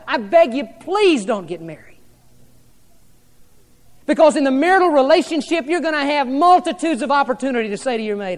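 High-voiced man preaching in a hall. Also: lively intonation, fairly quick. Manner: preaching with swings from loud to soft. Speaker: pastor. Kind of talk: sermon. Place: church hall with an audience.

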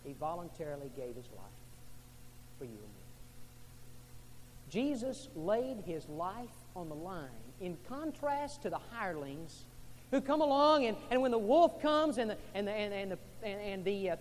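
High-voiced preacher in an echoing hall. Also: male voice, a little hiss or hum. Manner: swings from soft, low passages to loud, fervent preaching. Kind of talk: sermon.

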